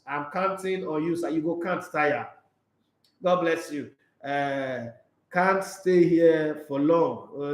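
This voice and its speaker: A Nigerian man hosting a casual sports live stream, reading out viewer comments and answering in a blunt, animated way, slipping into Pidgin. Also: sits high, reverberant, poor audio.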